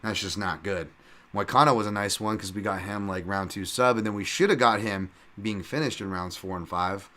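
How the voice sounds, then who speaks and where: A man's voice: fairly low pitch, moderate pace, pushed and bright. A male podcast host giving a casual, rambling fight-betting breakdown, full of fillers, restarts and casual swearing.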